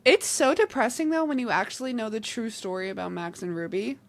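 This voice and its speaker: A woman's voice: fairly high pitch, sing-song, brisk, gravelly. A young woman from New Jersey with a noticeable New Jersey accent, chatting as a podcast co-host. She is talkative and giggly, and she slips into little performances whenever she quotes someone. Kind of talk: casual chat.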